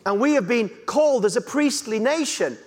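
A man's voice: extremely high pitch, lively intonation, normal speed. A man from Yorkshire with a Yorkshire accent, preaching a sermon in a conversational way and acting out little dialogues in different voices. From Yorkshire, England. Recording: reverberant hall.

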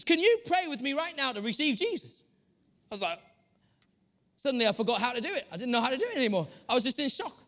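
A man's voice: very high voice, pushed and bright. A man preaching a sermon, telling stories from his own life and changing his pace often. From Northeast England.

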